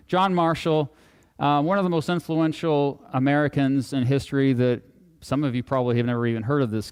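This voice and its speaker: Speaking to a live audience in a hall, a guest speaker gives a public lecture, his voice carrying a long reverb. It's smooth and resonant, pitched slightly high for a man. He keeps things casual and animated, packed with jokes and asides.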